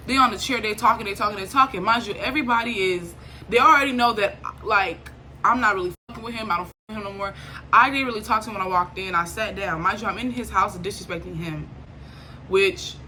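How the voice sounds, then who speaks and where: A young woman from Liberia telling a storytime vlog in a casual, animated way, acting out quoted lines and swinging between irritation and laughter. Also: medium pitch, slight background noise. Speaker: vlogger.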